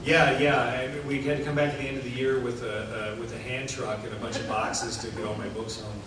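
A man's voice: mid-range voice, level tone, brisk. A middle-aged man, an author, answering panel questions in a casual, rambling way with many filler restarts. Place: large convention hall. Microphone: recorded from the audience. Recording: echoey hall, far off, noisy.

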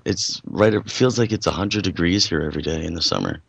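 Deep gravelly guy from new york, radio producer, rambles and stumbles through his points, dry close sound. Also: fairly bright tone, no room sound. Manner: rambling, halting, lots of filler. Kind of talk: casual live radio chat.

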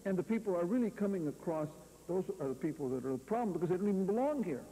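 A man's voice: high voice, expressive, racing, dark tone. A man from California giving a rambling, story-filled lecture to an audience, often tossing out rhetorical questions and "you see". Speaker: guest lecturer. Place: university lecture hall. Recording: reverberant hall, faint hum, poor audio.

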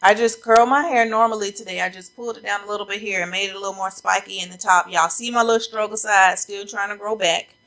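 Slightly winded, this woman runs a casual coat try-on video, chatty and addressing her audience as y'all. She speaks in a mid-range, steady, somewhat bright voice, quickly and with few pauses. It's a rough recording from a camera mic pointed at a ring light.

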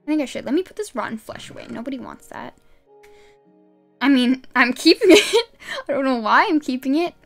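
A high-pitched woman streamer whose voice swoops up and down as she chats and giggles through her gameplay. She talks straight to her viewers into a desk microphone at home, with faint music playing underneath. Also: animated, brisk, vocal fry. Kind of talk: casual gameplay commentary. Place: home gaming setup.

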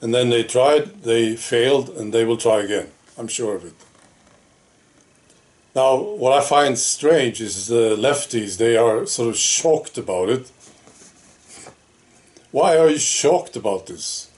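A political vlogger delivers a casual opinion monologue to the camera, speaking conversationally with frequent rhetorical questions and "right?" asides. His medium-pitched voice is a little mellow, and he takes it slowly with many pauses.

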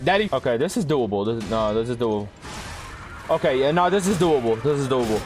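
A young man giving live gameplay commentary to his chat, excitable and swearing, often yelling at the game. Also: mid-range voice, a little fast, soft background music. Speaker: gaming streamer.

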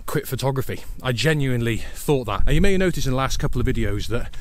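A man's voice: mid-range voice, animated, fast. A man from Wales talking to camera outdoors as a photography vlogger, chatty and self-deprecating, thinking aloud about his shots. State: out of breath while climbing. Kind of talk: casual vlog talk to camera. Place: outdoors on a windy Welsh hillside. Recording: wind and loud outdoor noise on the mic.

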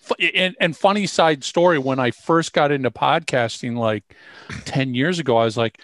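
A chatty male podcast co-host with a mid-pitched voice in a dry, close recording. He drifts into rambling asides. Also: moderate pace, fairly bright tone, no room sound. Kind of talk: casual podcast chat.

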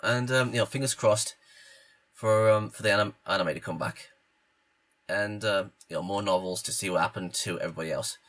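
A man with a cold reacting to anime clips in a casual vlog, excitable and stumbling over his words. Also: fairly low pitch, a little fast. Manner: stammering, excitable, restarts often. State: congested from a cold.

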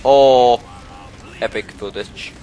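A man casually commentating his own gameplay, muttering low asides and then yelping in panic, his voice a little low from being sick. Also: steady tone, slow, mellow, slight background noise. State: slightly sick, voice a bit low. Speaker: gamer.

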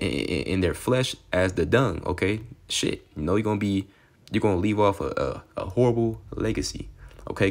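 A man preaching a casual street-style sermon, reading scripture aloud and talking conversationally, often tagging lines with "okay" and "man" and swearing freely. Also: fairly low pitch. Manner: excitable, sometimes rushes or drops to a murmur.

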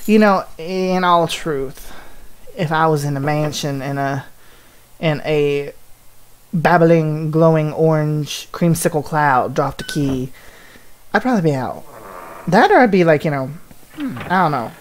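A woman's voice: sits low, measured pace, long pauses. Chatty woman with a scratchy voice. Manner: chatty, jokey, rambling asides. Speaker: gaming channel host. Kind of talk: Let's Play commentary. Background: game music.

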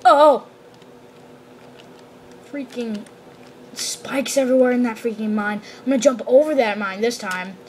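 An excitable woman commenting on a game as she plays, often bursting into exclamations. Her voice is fairly high, with a faint background hum. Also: unhurried, long pauses. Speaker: gamer. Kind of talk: gameplay commentary.

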